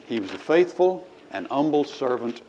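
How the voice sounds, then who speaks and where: Preaching a church sermon, a man reads scripture aloud with rising emphasis and a folksy way of talking. His warm, mid-range voice has big pitch swings at a moderate pace, and the slightly dull recording holds faint ambience plus a little hiss or hum.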